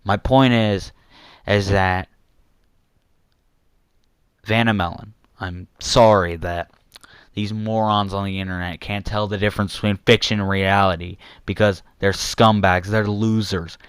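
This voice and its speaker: A man's voice: fairly low pitch, fairly even intonation, a little slow, clear, resonant tone, no room sound. A young man delivering an angry, repetitive rant to his viewers, insulting some people and apologizing to others. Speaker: youtuber ranting to viewers.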